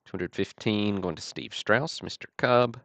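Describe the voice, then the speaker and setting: A man hosting a livestream, calling out trading cards one after another in a steady, matter-of-fact way with dry self-deprecating asides. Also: lowish voice, normal speed, no echo. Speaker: host of a card-break livestream.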